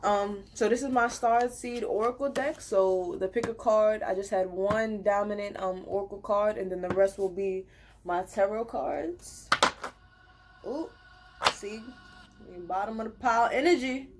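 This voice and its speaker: A woman's voice: mid-range voice, unhurried, noisy background. A young woman giving a casual, rambling pick-a-card tarot reading to camera, talking earnestly and reassuringly. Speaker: tarot reader.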